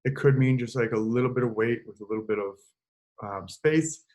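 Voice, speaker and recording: A man's voice: mid-range voice, brisk. Casual male choir director explaining notation. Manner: relaxed, explanatory, sings short examples. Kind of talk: online choral music lesson.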